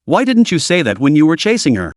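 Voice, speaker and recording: Guy doing a hot-headed young dude, blunt and demanding, lively pitch. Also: fast, no room sound, clean studio sound. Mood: angry. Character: hot-tempered young man scolding his friend.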